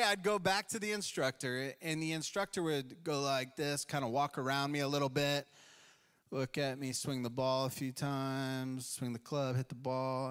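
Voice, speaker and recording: A man's voice: medium pitch, a bit bright, smooth. A male pastor preaching a sermon in a conversational storytelling way, acting out quoted voices along the way. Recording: long hall reverb.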